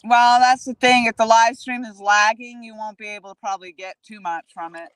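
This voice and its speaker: A woman's voice: a little high, fairly even intonation, fairly quick, a bit bright, clean tone, dry recording. A woman vlogger chatting casually to her live-stream viewers while paddling a kayak outdoors on a lake, speaking into a handheld phone. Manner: chatty, talks straight to viewers. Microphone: handheld phone camera.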